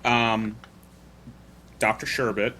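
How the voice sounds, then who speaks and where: A man's voice: lowish voice, fairly even intonation, takes it slowly, bright, forceful tone, a little hiss or hum. A man hosting a podcast, telling stories in a chatty, rambling way. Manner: chatty storyteller, loose and rambling. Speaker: podcast host. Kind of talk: casual chat.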